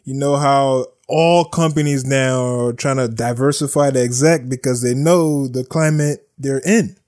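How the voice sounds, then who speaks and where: Slow, blunt sarcastic male podcast host. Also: mid-range voice, steady tone, a little mellow. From United States. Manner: blunt, sarcastic, repeats himself, laughs at own jokes. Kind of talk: casual news commentary.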